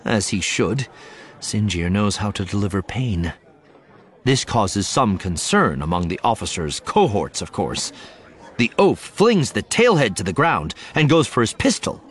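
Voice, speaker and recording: A man's voice: fairly low pitch, sing-song, measured pace. A man reading a novel aloud as audiobook narrator, with dramatic storytelling. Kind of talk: scripted narration.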